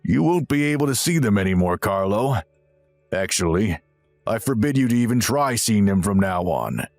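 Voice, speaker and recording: A man's voice: lowish voice, big pitch swings, normal speed, dry recording, soft background music. A man voicing a stern, disapproving older father who rebukes firmly in a dramatized text-message story.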